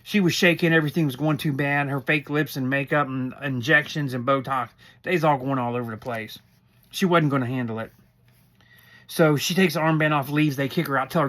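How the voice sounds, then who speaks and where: A man's voice: medium pitch, brisk, fairly bright tone. Rambling middle-aged man recapping a show. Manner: rambling and opinionated, acting out quotes. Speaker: recap commentator. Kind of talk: casual show recap commentary.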